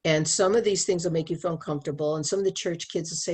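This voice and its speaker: Husky low-voiced woman, earnest and animated. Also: fast talker, few pauses. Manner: earnest, animated storytelling with frequent restarts. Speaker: sex educator. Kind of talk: casual conversation.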